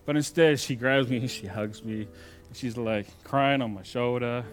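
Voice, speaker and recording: A male pastor preaching a sermon in a conversational storytelling way, moving between loud emphasis and quiet asides. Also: medium pitch, normal speed, soft background music.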